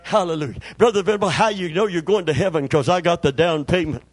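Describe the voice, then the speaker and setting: A man preaching a sermon, asking for amens and swinging from loud shouting to quiet, low storytelling. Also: quick pace, slightly rough, soft background music. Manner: preaching with call-and-response, rising to shouts then dropping low. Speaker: pastor.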